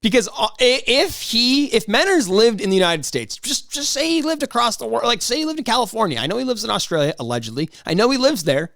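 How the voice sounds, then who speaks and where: A man hosting a solo podcast, rambling in a casual, excitable way with frequent restarts and mock outrage. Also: very high-pitched, fast, vocal fry, hardly any pauses, no echo, clean studio sound. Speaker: podcast host.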